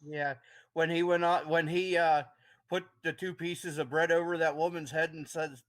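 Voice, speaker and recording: A man on a casual podcast, asking relaxed, drawn-out questions as a guest. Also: fairly high pitch, no room sound. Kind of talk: casual chat.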